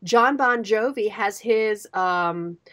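A middle-aged woman co-hosting a radio show, chatting casually and telling stories with lively acted-out quotes. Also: mid-range voice, slow. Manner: animated storyteller, acts out quotes. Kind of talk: casual chat.

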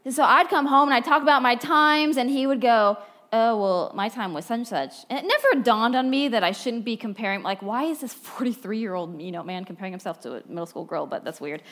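Woman preacher, fairly high voice, animated storyteller, sermon talk. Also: quick pace, few pauses. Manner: animated storytelling, wide swings from bright to hushed. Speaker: speaker at a church talk.

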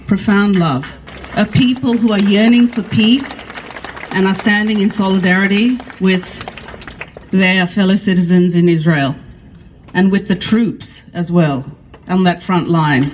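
A woman's voice: mid-range voice, a little slow, darkish tone, slight background noise, low-quality recording. A woman giving an earnest, rousing speech at an outdoor rally, repeating phrases for emphasis. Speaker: politician speaking at a rally.

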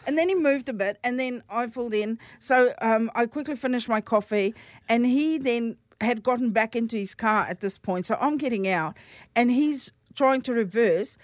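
A woman comedian guest telling an animated story on a radio show, laughing and acting out lines loudly, recorded in a studio. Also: on the high side, normal speed, no room sound.

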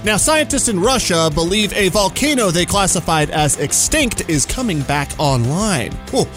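A man's voice: sits high, sing-song, moderate pace, music in the background. A man hosting a comedy news segment on the radio, joking and making sarcastic asides. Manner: jokey, playful, sarcastic asides. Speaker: radio show host.

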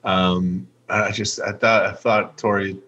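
A man's voice: fairly low pitch, flat delivery, slow pace, pushed and bright, highs cut off. A man co-hosting a podcast, chatting casually about golf with a rambling, restart-heavy way of talking. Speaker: podcast co-host. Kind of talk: casual sports chat.

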